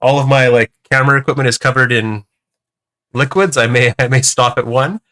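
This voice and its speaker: A man's voice: medium pitch, brisk, bright, forceful tone. A man from Canada in casual chat, playful and jokey.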